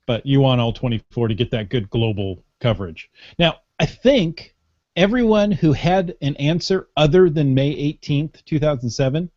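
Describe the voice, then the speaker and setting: A man's voice: mid-range voice, a little mellow, dry recording. A man hosting a casual podcast in a playful, joking way. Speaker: podcast host. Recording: dull lo-fi podcast audio.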